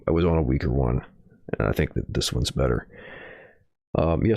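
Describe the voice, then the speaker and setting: A man's voice: extremely low pitch, creaky, darkish tone, dry recording, studio quality. A man streaming from home, reading news headlines and adding rambling, sarcastic asides. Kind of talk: casual livestream commentary.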